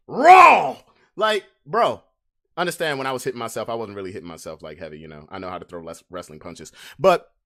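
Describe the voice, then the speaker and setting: A man's voice: a little high, pushed and bright. A man hosting a podcast, delivering a brash, swaggering comic rant full of trash talk. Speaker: podcast host.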